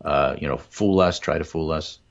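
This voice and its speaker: A man's voice: very deep voice, normal speed, creaky, lo-fi sound. A man chatting casually about politics on a talk show, telling anecdotes emphatically and repeating his points.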